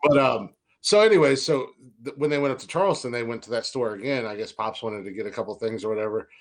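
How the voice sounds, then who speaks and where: A young man hosts a podcast, talking fast at a medium pitch. His casual banter rambles through profane stories, and he often stammers and restarts his sentences.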